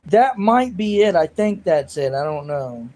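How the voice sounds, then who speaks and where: A man's voice: high voice, sing-song, a little slow, dark tone, low-quality recording. A man hosting his own livestream, rambling and joking about himself while reading the chat. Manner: rambling, self-mocking, reads chat aloud. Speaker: livestream host.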